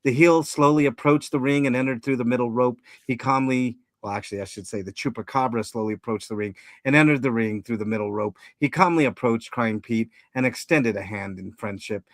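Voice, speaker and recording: A man on a podcast reading a comedic story aloud in a casual, steady way, correcting himself now and then. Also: medium pitch, a little fast, few pauses, no room sound, studio quality. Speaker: podcast co-host and story reader.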